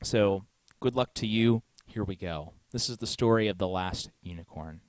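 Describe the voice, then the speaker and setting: A man's voice: fairly low pitch, normal speed, dry recording. A man hosting a live music stream, chatting casually with lots of fillers and frequent chuckles.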